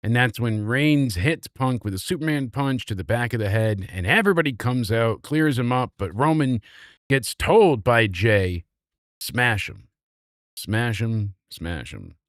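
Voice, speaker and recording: A man recapping a wrestling show in a casual, animated, sarcastic way, swearing freely. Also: mid-range voice, normal speed, dry recording, clean studio sound.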